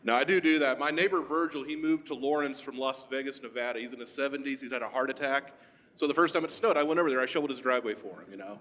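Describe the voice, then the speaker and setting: A man doing stand-up comedy on a theater stage, telling stories in a dry, deadpan way. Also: medium pitch, fast talker. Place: historic theater stage with live audience. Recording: theater hall reverb.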